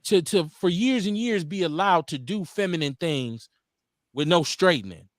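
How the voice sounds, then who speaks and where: Animated middle-aged male radio host. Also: high voice, moderate pace, dry recording, clean studio sound. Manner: animated storytelling, acts out quotes. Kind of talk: casual radio talk.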